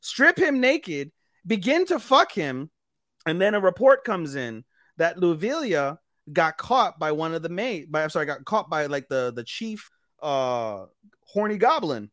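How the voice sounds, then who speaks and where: A man co-hosting a podcast, recapping an anime episode in a rambling, profane, animated way. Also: on the high side, measured pace, no echo, clean studio sound. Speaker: podcast co-host. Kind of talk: casual chat, anime recap.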